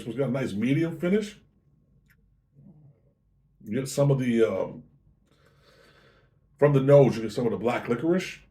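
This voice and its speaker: A warm, mid-range male voice hosts his whiskey review show. Easygoing and conversational, he tastes a drink, describes it, and self-corrects now and then.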